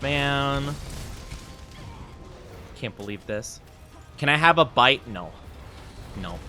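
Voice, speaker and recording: A young man chatting casually on a game live stream, playful and jokey, with bursts of mock self-pity and quick laughs. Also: mid-range voice, lively intonation, pushed and bright, soft background music.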